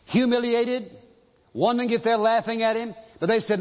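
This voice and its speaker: A man with a fairly high voice preaching emphatically and asking rhetorical questions. His storytelling rings through a large church hall with a long reverb. The recording is dull and lo-fi. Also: moderate pace. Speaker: pastor. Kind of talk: sermon.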